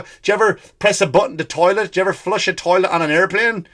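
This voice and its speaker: A man's voice: on the high side, quick pace, few pauses, fairly bright tone. Ranting, profane comedy podcast man.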